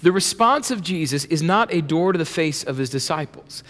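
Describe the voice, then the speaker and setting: A man preaching a sermon with playful asides, acting out voices and lively emphasis. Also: a little high, moderate pace. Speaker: pastor. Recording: long reverb of a large hall.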